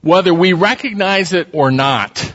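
A man preaching a sermon, telling stories in an animated, emphatic way in a large hall. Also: high-pitched, measured pace. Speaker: pastor. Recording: dull recording in reverberant hall.

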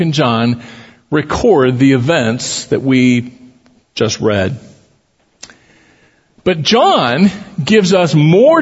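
A man's voice: a little high, breathy edge. A man, a pastor, reading scripture aloud with dramatic lifts for the quoted lines, then teaching from it in a church. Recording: long hall reverb, dull lo-fi sound.

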